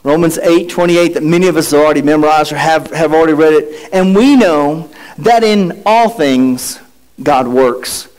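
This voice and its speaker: Lively high-voiced male pastor. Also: normal speed, poor audio. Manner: animated, rhetorical questions, playful asides. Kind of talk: sermon.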